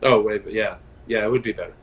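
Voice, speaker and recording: A man in his fifties, a former pitcher, telling stories in a casual interview over a video call, animated and full of fillers and restarts. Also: a little fast, muffled recording, slight background noise. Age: 50s. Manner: chatty storyteller, animated, frequent fillers and restarts. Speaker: guest, former baseball pitcher.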